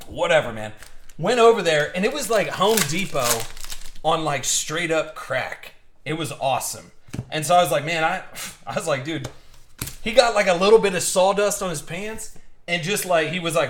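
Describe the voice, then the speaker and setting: A young man with a somewhat high voice talks casually on a live stream. He rambles and restarts his sentences as he chats with viewers. Faint background noise sits under the recording. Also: lively intonation, normal speed, a bit bright. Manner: rambling, chatty storytelling with many restarts. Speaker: card break host. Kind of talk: casual live-stream chat while opening cards.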